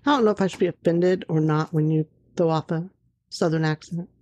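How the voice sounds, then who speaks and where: A woman's voice: deep voice, fairly quick, darkish tone, dry recording, dull audio. A woman co-hosting a podcast, reacting with playful quips in casual chat. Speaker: podcast co-host.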